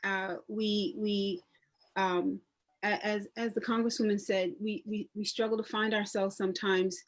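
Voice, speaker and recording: New lady on a panel discussion, historian type, lots of restarts, animated when telling stories. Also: medium pitch, unhurried. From New York. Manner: conversational, many restarts, lively storytelling. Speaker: public historian and genealogist on a panel.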